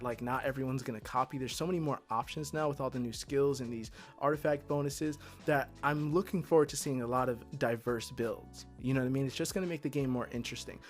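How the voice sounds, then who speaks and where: A man talking through a strategy game guide in a loose, chatty way, full of "like" and "I don't know". His voice sits at an ordinary middle pitch, and he gives blunt opinions that turn eager when he talks strategy. Faint music plays softly behind him. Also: fast, hardly any pauses. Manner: chatty, filler-heavy, candid opinions; gets excited about strategy. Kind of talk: casual game commentary.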